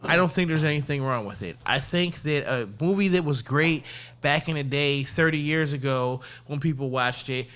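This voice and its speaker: Bright-voiced man in casual chat. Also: on the high side, normal speed, hardly any pauses, smooth. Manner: animated, laughing, slangy storytelling. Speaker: co-host.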